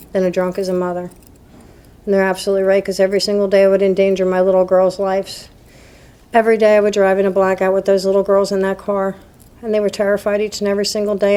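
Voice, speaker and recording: A woman from New Jersey, with a mid-range, slightly mellow voice, gives a candid and self-deprecating personal testimony before a live group in a meeting hall. Speaking to a recovery meeting, she laughs at her own past.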